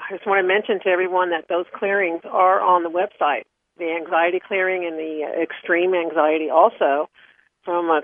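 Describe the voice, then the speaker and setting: A woman co-hosting a radio show, reading out announcements in a friendly, hesitant way with many fillers. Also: lowish voice. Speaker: radio co-host. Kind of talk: casual radio talk and announcements. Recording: phone-like line, dry.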